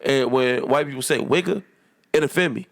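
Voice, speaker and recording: Gravelly, heated man arguing a point. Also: mid-range voice, normal speed. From United States. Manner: emphatic, heated and profane. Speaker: podcast co-host. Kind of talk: casual podcast debate.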